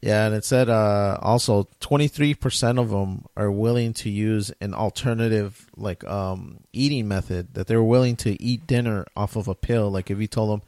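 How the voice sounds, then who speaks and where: A man's voice: on the low side, normal speed, few pauses, darkish tone, dry recording, clean studio sound. A man in casual podcast chat, retelling a story with lots of quoting and fillers.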